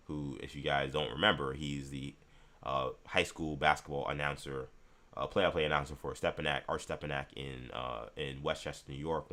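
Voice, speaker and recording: A man hosting a live sports talk show, reacting to viewer chat and ranting in an animated way about the news. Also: very deep voice.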